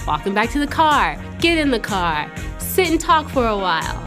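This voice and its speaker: Youth pastor type, young woman, higher voice, animated and playful, casual slang. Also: normal speed, over music. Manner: animated, laughing, chatty with slang. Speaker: youth church leader. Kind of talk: casual storytelling lesson.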